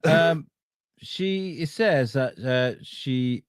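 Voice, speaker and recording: A man's voice: mid-range voice, very slow, clear, resonant tone, dry recording, clean studio sound. A man co-hosting a podcast in casual banter, reading out stories with laughs and swearing. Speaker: podcast co-host.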